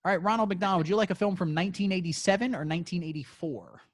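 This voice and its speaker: A man's voice: high-pitched, quick pace. A man co-hosting a crude comedy podcast and running a movie quiz, talking in a playful, teasing, mock-boastful way.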